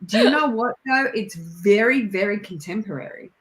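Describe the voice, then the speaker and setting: A woman with an Australian accent joins a video call as a guest, chatting casually and telling animated stories punctuated by frequent laughter. Her voice is medium in pitch and moderate in pace, heard in a roomy space.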